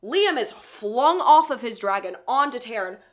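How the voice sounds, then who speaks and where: A woman's voice: on the high side, expressive, moderate pace. A woman casually recapping a novel's plot, emotional and tearful as she tells it. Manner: emotional, tearful retelling with laughs. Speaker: book reviewer recapping a novel.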